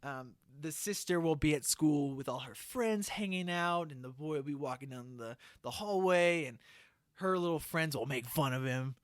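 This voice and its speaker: A man on a podcast pitching a movie idea like a comic storyteller, checking in with "okay?" after almost every phrase. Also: moderate pace, no room sound, studio quality. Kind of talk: casual comedic pitch.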